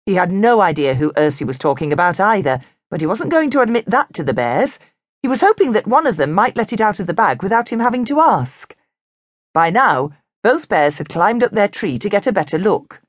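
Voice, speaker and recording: Animated woman reading a kids' story. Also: mid-range voice, fairly quick, dry recording, studio quality. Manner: animated, expressive. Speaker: audiobook narrator. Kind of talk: children's storybook narration.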